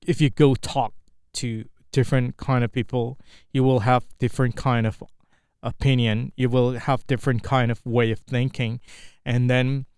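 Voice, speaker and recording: A young Indonesian man with an Indonesian accent, practicing spoken English alone in a vlog. He talks in a halting way, stopping and restarting often as he searches for words. His voice is smooth and resonant, and it is recorded close and dry, with no room sound. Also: medium pitch, little pitch movement, darkish tone, no echo. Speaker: English learner. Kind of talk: solo speaking practice.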